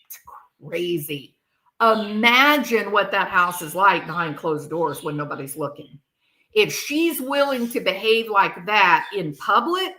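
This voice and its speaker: A woman giving casual true crime commentary, sarcastic and animated, acting out what others said. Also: mid-range voice. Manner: animated, sarcastic, acts out quoted people.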